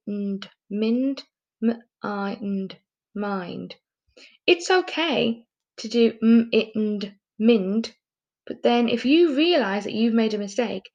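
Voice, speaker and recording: A woman teaching a recorded phonics lesson to young children, sounding out words patiently and asking gentle teacherly questions. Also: fairly high pitch, lo-fi sound. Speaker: primary school teacher.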